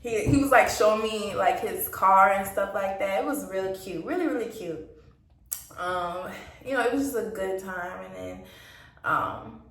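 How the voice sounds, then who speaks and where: A woman's voice: mid-range voice, moderate pace, a bit bright, roomy sound, recorded from a distance. A young woman casually telling a dating storytime, chatty, laughing often and acting out the lines people said. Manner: chatty, laughs often, acts out quoted dialogue. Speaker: storytime vlogger.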